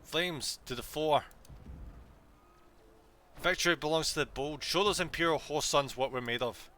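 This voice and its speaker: A man voicing a stern female pirate admiral who commands her fleet in measured orders, as in a video game. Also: a little high, sharp tone, slight background noise. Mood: commanding.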